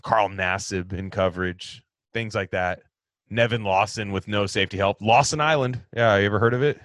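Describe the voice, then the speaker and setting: A man hosting a casual sports talk, answering fan questions in an animated, ranting way that swings from loud outbursts to low mutters. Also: normal speed, dry recording, clean studio sound.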